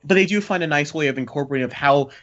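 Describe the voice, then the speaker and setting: A man's voice: a little high, racing, fairly bright tone. A man chats casually about movies as a podcast host. He rambles eagerly from one point to the next. His voice comes through a dull, slightly lo-fi recording with no room echo. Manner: enthusiastic, rambling. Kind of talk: casual movie review chat.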